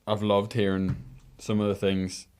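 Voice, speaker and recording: Slow-spoken low male podcast host. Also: little pitch movement, a little mellow, smooth. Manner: short prompts and measured questions. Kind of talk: casual interview.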